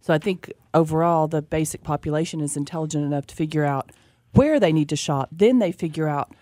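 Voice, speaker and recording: A woman's voice: low voice, a little fast, warm tone, no echo. A woman co-hosting a radio talk show, explaining her view thoughtfully in casual chat. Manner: thoughtful, explaining, with "you know" and "right?". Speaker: radio co-host.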